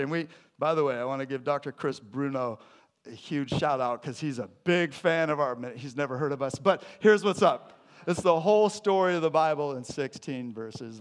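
A man preaching a sermon to a congregation, conversational and joking, swinging from loud emphatic lines to quiet, hushed ones. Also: medium pitch. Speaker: pastor. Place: church sanctuary.

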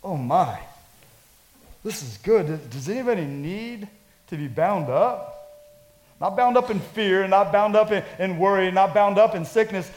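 A male pastor delivers a sermon in a notably high voice. He moves between scripture reading and energetic, chatty asides to his congregation. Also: a little slow, poor audio. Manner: energetic, conversational preaching with dramatic readings.

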